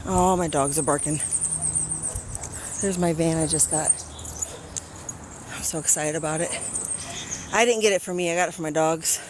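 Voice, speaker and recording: A woman's voice: moderate pace, pauses often, a little hiss or hum. An American woman vlogging casually while walking her pets outdoors, chatting to viewers and coaxing animals. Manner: chatty, coaxing animals in a high sing-song voice. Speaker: pet vlogger. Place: outdoors in a neighborhood.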